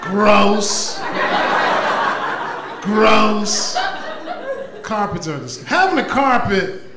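A man doing a loud, animated stand-up comedy set in a club, with profanity and crowd work. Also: sits high, extremely slow, very noisy. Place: comedy club stage before a live audience. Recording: echoey club with audience laughter.

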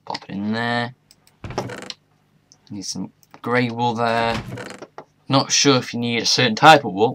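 A young man talks through his game in a bright, sharp voice, chatty and muttering to himself with the odd mild swear. Faint keyboard and mouse clicks tick away behind him. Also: medium pitch, a little hiss or hum. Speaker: gamer. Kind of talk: modded game commentary.

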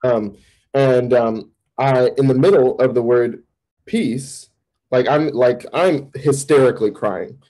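A man, a campus minister, giving a candid personal testimony in an interview, telling it vividly with sudden jumps in pitch. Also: slow, dark tone, rough recording.

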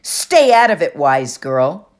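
A woman reading an audiobook, voicing a mean teenage girl bully with a husky voice and slow, sneering taunts. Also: low voice, very animated, full character voice.

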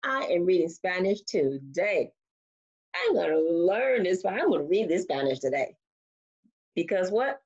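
Brief: woman storyteller for children, lively swooping voice, unhurried, chatty asides, muffled sound. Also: lowish voice, slightly rough. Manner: animated, chatty, stumbling over Spanish words. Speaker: children's book reader. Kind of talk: reading a picture book aloud to kids. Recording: slightly dull lo-fi sound.

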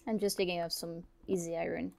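A woman's voice: on the low side, little pitch movement, a little fast, gravelly, darkish tone. A woman chatting casually during a game, exclaiming and narrating what she does. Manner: exclaims, narrates her own actions. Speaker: game player. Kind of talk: casual gaming chat.

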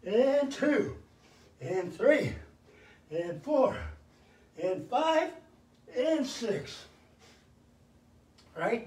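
An older man with a high-pitched voice hosts a live fitness show, energetically calling out counts and cheering viewers on through the exercises. The sound is roomy, picked up from a distance away from the mic.

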